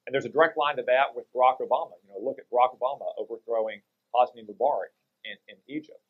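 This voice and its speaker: A man, a senator guesting on a talk radio show, speaking in a measured, lecturing way. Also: mid-range voice, breathy edge, phone-quality sound. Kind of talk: political interview.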